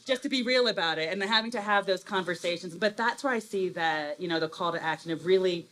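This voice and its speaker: A woman's voice: medium pitch, fast, few pauses, a bit bright. A woman speaking candidly on a panel. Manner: candid, outspoken. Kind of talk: panel talk.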